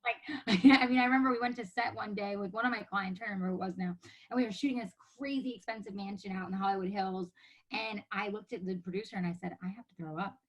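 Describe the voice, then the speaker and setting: A woman in her thirties, a podcast guest telling a story in casual chat, animated and laughing often as she acts out what others said. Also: medium pitch, quick pace, poor audio.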